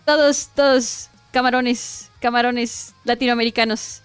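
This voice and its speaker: A young woman from Mexico, speaking with a Mexican accent, chats casually as she draws on a stream, giggling and flipping between Spanish and English in a bubbly way. Her clean, slightly high voice holds a steady tone at a moderate pace. The recording is dry with soft background music.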